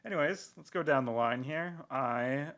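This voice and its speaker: A man's voice: mid-range voice, normal speed, a bit bright. A man hosting a gaming podcast in casual chat, teasing his co-hosts with jokey bragging. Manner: joking, boastful teasing. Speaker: podcast host.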